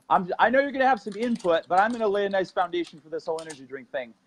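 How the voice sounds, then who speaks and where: A man hosting a fitness show, leading an exercise demo and then chatting in an energetic, jokey, rambling way, a little out of breath. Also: sits high, quick pace. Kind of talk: exercise demo and casual podcast chat.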